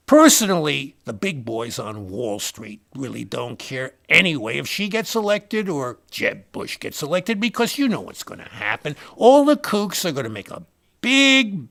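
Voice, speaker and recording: A man acting out a blustering party insider who rambles through gossip and jabs at his own side in a satirical comic monologue. His voice is gravelly and bright, pitched a little high, with a lively rise and fall. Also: exaggerated voice. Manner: rambling, name-dropping, punchline-driven. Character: rambling, boastful male Republican party insider. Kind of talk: satirical stand-up rant.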